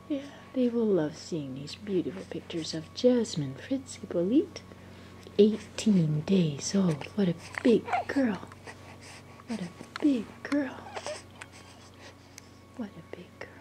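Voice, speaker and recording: An older woman, a grandmother, cooing baby talk to her newborn granddaughter in a gentle, sing-song way, repeating herself and often dropping to a hush, recorded at home on a handheld camera. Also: mid-range voice, sing-song, slow, long pauses, background noise. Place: living room at home.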